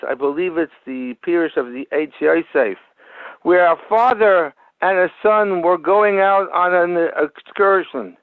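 A high-voiced man preaches a sermon through a parable, telling the story with frequent repetitions and restarts. The sound is narrow and tinny like a phone line, and completely dry. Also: no room sound. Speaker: Torah teacher. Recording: tinny phone-like radio broadcast.

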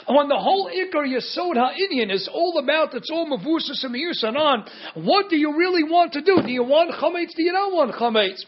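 A man with a very high voice delivers a Talmud lecture on a dull, lo-fi recording. He keeps posing rhetorical questions and answering them himself, dropping Hebrew and Aramaic terms into his English. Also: expressive, a little fast. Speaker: Torah teacher.

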